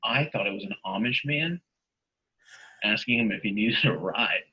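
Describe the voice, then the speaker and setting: A man's voice: lowish voice, normal speed, breathy edge, muffled recording. A man co-hosting a wrestling podcast, laid-back and rambling with lots of "um" and "you know". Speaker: podcast co-host. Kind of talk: casual wrestling podcast chat.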